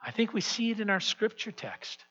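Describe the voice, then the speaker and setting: A man preaching a sermon as pastor, swinging from hushed, quiet passages to loud, emphatic declarations. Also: high-pitched, sing-song, normal speed. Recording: dull lo-fi sound with long hall reverb.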